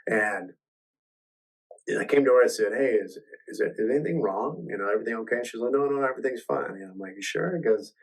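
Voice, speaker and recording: A man's voice: mid-range voice, animated, a little fast, creaky, husky, recorded from a distance, poor audio. A man hosting a podcast, telling a personal story in a casual, rambling way, full of restarts and acted-out quotes. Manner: rambling, restarts often, acts out quoted voices.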